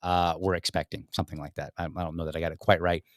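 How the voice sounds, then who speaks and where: Low-voiced man musing on his podcast. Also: little pitch movement, fast talker, no room sound, studio quality. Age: young adult to middle-aged father. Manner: rambling, conversational, many fillers and restarts. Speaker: podcast host. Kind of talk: casual commentary.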